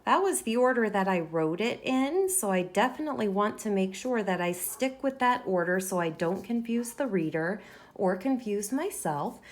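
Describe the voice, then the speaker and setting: A woman's voice: mid-range voice, animated. A woman teacher modeling a writing lesson for young students, talking through each step as she writes and sounding words out. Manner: slow, deliberate, sounding words out while writing.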